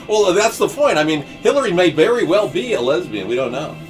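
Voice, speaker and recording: A man hosting a live-stream comedy chat, playful and jokey and quick to laugh. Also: sits high, big pitch swings. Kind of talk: comedic banter. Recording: music playing behind.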